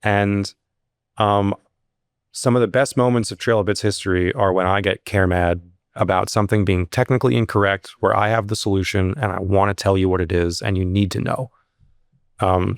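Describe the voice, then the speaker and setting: A low-voiced man tells a story in a relaxed podcast chat, his voice climbing sharply whenever he acts out a scene. He stumbles through fillers and restarts. The recording is dry and close. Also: brisk, vocal fry, no echo. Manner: animated, rises sharply when acting out quotes. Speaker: security company CEO, guest. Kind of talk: casual storytelling interview.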